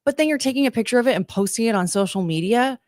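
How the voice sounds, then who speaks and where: A woman's voice: a little high, animated, rapid-fire, a little mellow, no echo, clean studio sound. A young adult woman hosting a podcast, ranting in casual commentary and reading chat, with lots of fillers. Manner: chatty, exasperated, ranting with many fillers. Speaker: podcast host.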